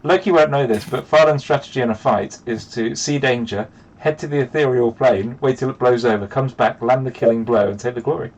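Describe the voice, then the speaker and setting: A man's voice: medium pitch, fairly quick, few pauses, highs cut off. A man acting as game master for an online tabletop game, narrating with playful asides. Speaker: dungeon master. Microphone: video call.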